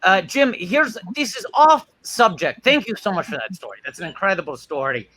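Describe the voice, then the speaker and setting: A man's voice: high voice, big pitch swings, normal speed, bright, forceful tone. A man hosting a comedy talk show, asking questions in a dry, mock-earnest way.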